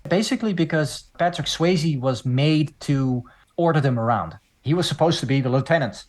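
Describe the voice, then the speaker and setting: A man hosting a casual film podcast, explaining the plot in long, steady runs. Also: fairly high pitch, moderate pace. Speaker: podcast host.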